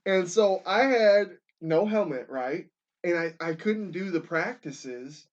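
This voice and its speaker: A man's voice: high-pitched, slow pace, highs cut off. A young man hosting a podcast, telling stories animatedly, swearing freely and acting out what people said. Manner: animated storyteller, swears a lot, acts out quotes. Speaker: podcast host. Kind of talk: casual chat.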